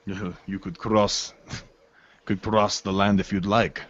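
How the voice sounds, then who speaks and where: A man's voice: fairly low pitch, flat delivery, slow, no room sound. A man voicing a sly, scheming male dwarf soldier who gropes for words. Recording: dull lo-fi stream audio.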